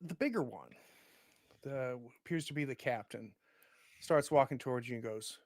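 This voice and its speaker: A man narrating a tabletop game as game master, in vivid, animated storytelling. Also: medium pitch, moderate pace, pauses often, no room sound, clean studio sound.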